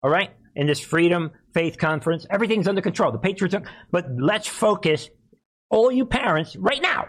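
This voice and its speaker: A man's voice: sits high, lively intonation, fairly quick, a bit bright. A man hosting a live-streamed political commentary show, talking emphatically and repeatedly calling out to his viewers. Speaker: host of a political commentary channel.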